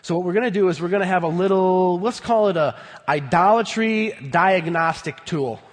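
A man in his thirties preaching a sermon in a church, emphatic, swinging between loud bursts and low, earnest tones. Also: moderate pace. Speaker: pastor. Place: church sanctuary. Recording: long hall reverb.

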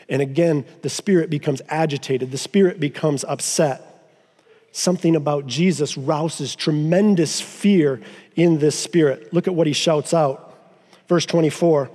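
A man preaching a sermon as pastor, emphatic and slowing down to stress key phrases. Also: a little high, mellow, big-room sound. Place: church sanctuary.

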